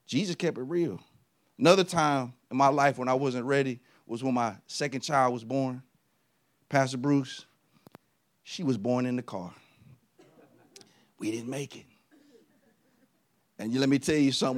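A middle-aged American man preaching a lively sermon, telling personal stories and swinging between loud punches and quiet asides. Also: mid-range voice, unhurried, long pauses. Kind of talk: energetic sermon.

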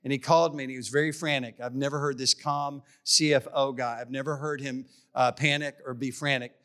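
A man's voice: medium pitch, fairly even intonation, brisk, a bit bright. A middle-aged man preaching a sermon in a church, emphatic and repetitive, often tripping over his words. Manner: emphatic, repeats key phrases, stumbles on words. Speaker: pastor.

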